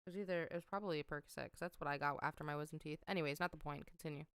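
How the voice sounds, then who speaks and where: A woman's voice: deep voice, fairly even intonation, racing, fairly bright tone, smooth, no echo. A woman hosting a casual podcast chat, teasing and prompting the others with questions. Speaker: podcast host.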